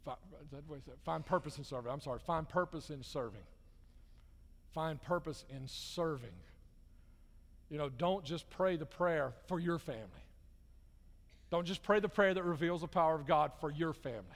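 High-voiced pastor in a reverberant hall. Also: male voice, moderate pace, pauses often. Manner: conversational, rising to emphatic repetition. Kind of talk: sermon. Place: church hall.

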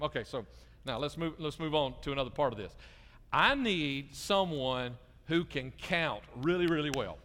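A middle-aged pastor gives a children's sermon, coaxing the kids with lively questions. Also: male voice, medium pitch, a little hiss or hum. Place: church sanctuary. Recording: long reverb of a large church hall.

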